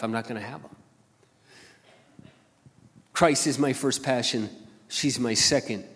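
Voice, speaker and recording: An older man preaching a sermon as a pastor, swinging between loud emphatic bursts and quiet intimate asides. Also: medium pitch, normal speed. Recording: long hall reverb.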